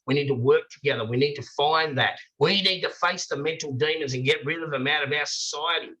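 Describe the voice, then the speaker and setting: Older man, bright emphatic speaker. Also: on the high side, a little fast, dull audio. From Australia. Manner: emphatic, preachy, rhetorical questions. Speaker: author guest. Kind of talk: passionate interview talk.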